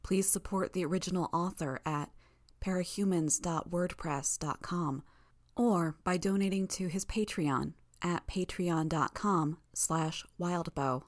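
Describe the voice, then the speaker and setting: A woman narrating a first-person audiobook chapter with a measured, even reading. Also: lowish voice, no echo, clean studio sound.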